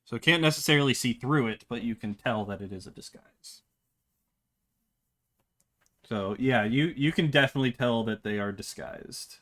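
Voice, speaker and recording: A man's voice: mid-range voice, normal speed, long pauses, fairly bright tone. Hesitant game master man. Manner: hesitant, many fillers and restarts. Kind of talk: running a tabletop game, casual.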